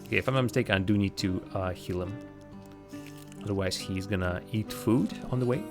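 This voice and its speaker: A man's voice: lowish voice, a little fast, music in the background. A man streaming a game live, chatting casually, laughing often and poking fun at himself. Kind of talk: casual live gameplay commentary.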